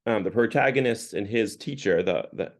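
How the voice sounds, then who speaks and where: A man's voice: lowish voice, normal speed. A man giving a casual parish talk on a book, paraphrasing its dialogue with many "like" fillers. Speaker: parish speaker.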